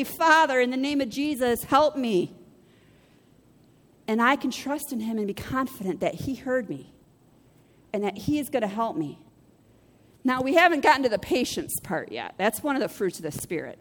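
A woman pastor preaching a lively sermon and acting out voices as she goes. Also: high-pitched, big-room sound. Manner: animated, acts out quoted voices. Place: church.

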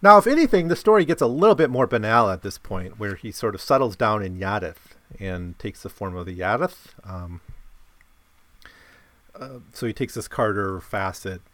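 A man in a casual, rambling discussion of a story he has read, with animated bursts. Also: fairly low pitch, moderate pace, no echo. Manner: rambling, many fillers and restarts, animated bursts. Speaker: podcast host discussing a story.

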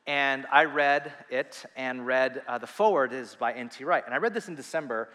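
Male pastor preaching, bright and forceful, earnest with restarts, long hall reverb. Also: medium pitch. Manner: animated, earnest, with quick asides and restarts. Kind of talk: sermon.

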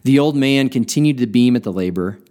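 A podcast host reading a story aloud in an expressive storytelling manner. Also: male voice, medium pitch, fast.

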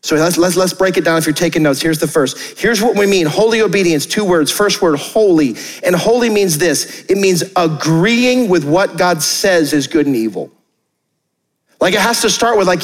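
A young adult male pastor preaching a sermon in a conversational, energetic way, with joking asides and quick acted-out quotes. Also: high-pitched, long reverb tail. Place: church auditorium.

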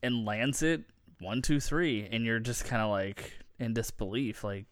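A man's voice: medium pitch, dry recording. A man with an ordinary mid-range voice co-hosts a casual chat, recorded dry and close. He talks with plenty of enthusiasm but stops and restarts often, leaning on fillers as he gathers his thoughts. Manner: halting, lots of "like" and "um" fillers, enthusiastic. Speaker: podcast co-host. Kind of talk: casual wrestling recap chat.

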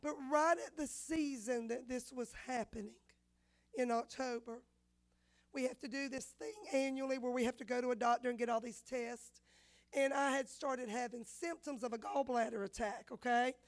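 A woman, a women's pastor telling a personal testimony in a sermon, animated and acting out the dialogue. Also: on the high side, normal speed. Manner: animated storyteller, acts out dialogue.

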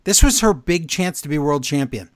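A man's voice: fairly high pitch, moderate pace, no echo, clean studio sound. A man co-hosting a podcast, recapping wrestling shows in a casual, exasperated and mocking way. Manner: animated, exasperated, mocking the quotes.

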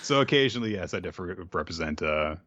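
A man co-hosting a podcast in casual chat, reading listener questions with relaxed, dry humor. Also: low-pitched, rapid-fire, no echo. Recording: dull lo-fi mic, dry.

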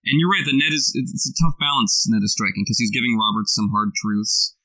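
A man co-hosting a podcast, discussing a book in a quick, analytical way with long run-on thoughts. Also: mid-range voice, sharp tone, rough recording. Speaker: podcast co-host.

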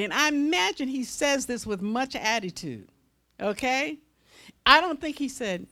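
A woman minister preaching a sermon in a folksy, animated style with call-and-response to the congregation. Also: high voice, moderate pace.

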